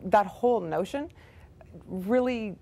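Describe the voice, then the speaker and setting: A woman interviewee giving her opinion, deliberate and emphatic. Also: medium pitch, gravelly, warm tone.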